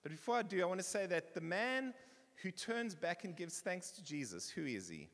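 A man's voice: sits high, big pitch swings, normal speed, creaky, fairly bright tone. A man preaching a sermon, reading scripture aloud and talking it through in a conversational way. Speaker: pastor. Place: church. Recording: long reverb of a church hall.

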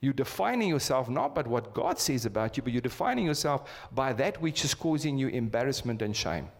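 A man's voice: mid-range voice, big pitch swings, fairly quick. A man in his fifties with a South African accent, preaching a sermon and putting rhetorical questions to his congregation. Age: 50s. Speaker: pastor. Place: church hall. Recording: long reverb of a church hall.

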